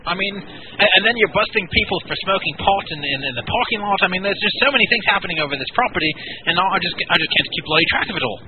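A man's voice: sits high, expressive, racing, voice pushed up. A man voicing a pompous, fussy British army colonel with a British accent, stammering through a prank phone call. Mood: indignant. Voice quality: hesitant, stammering, quaint old-fashioned slang. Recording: phone-like lo-fi with faint noise.

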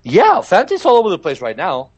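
A man's voice: high voice, huge pitch swings, a little fast, highs cut off. Agreeable man with a light Mexican accent. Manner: agreeable, hesitant, repeats himself. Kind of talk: casual chat.

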